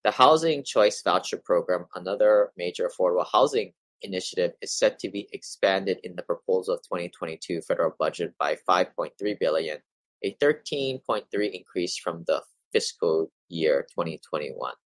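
A low-voiced man talks through material in a relaxed explainer style, reading passages and breaking off to chat with his listeners. The sound is dry and close, with no room around him. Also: moderate pace, no echo, rough recording. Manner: conversational, addresses listeners as you guys, with asides. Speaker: real estate investing newsletter host. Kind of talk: casual explainer reading and commenting on articles.

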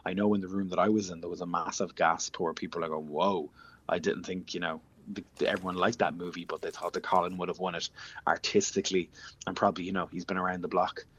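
An Irish man with a low, deep voice chats about an event in a loose, storytelling way. The sound is dull and muffled, and the room is dry and close with no echo. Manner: chatty, anecdotal storytelling. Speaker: entertainment reporter. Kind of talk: casual radio chat.

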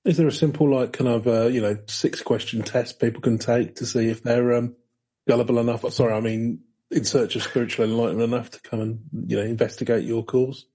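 A man hosting a podcast, casual and dryly understated, with halting fillers. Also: mid-range voice, steady tone, mellow, breathy edge. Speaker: podcast host. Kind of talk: casual comedic chat.

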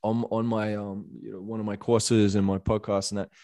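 Man, low voice, rambling casual podcast talk, impassioned, fillers everywhere. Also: flat delivery, fairly quick, warm tone. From Australia. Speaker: podcast guest.

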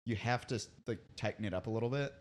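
A man's voice: fairly low pitch, fast. A man hosting a podcast, chatting casually and telling stories with frequent laughter. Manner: chatty storyteller, laughs often. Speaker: podcast host. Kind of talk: casual chat.

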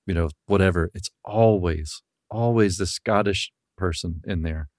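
Speaking a little slowly in a low voice, the man is recorded with studio quality and no room sound. He's a podcast host in casual conversation, rambling through stories with the odd swear word and easy laughter.

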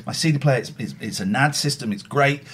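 A man in his forties chatting casually on a podcast, jokey and quick to slip into silly voices. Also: medium pitch, a bit bright, breathy edge. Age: 40s. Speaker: podcast host. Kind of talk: casual chat.

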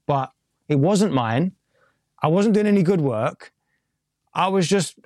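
A man's voice: fairly high pitch, expressive, normal speed, a little mellow, no room sound, studio quality. A man from England with a London accent, chatting candidly and rambling in a casual interview as a music engineer, swearing casually as he talks. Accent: London English. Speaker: music producer and mix engineer.

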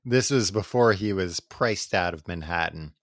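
Low-voiced man casually retelling a book. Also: normal speed, no room sound, clean studio sound. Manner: rambling, acts out characters in throwaway voices. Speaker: podcast co-host. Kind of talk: casual chat, recapping a book.

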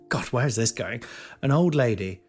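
A man in his forties rambles through a comic podcast monologue, giggling at himself. His pitch swings widely as he goes, and faint music plays beneath him. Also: a little slow. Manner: self-mocking, giggly, lively swings in pitch. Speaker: podcast host, comedian.

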